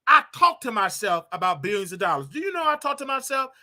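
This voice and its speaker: A man hosting a casual livestream, talking straight to his viewers in an animated, repetitive way with preachy asides. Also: very high voice, fast talker. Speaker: livestream show host.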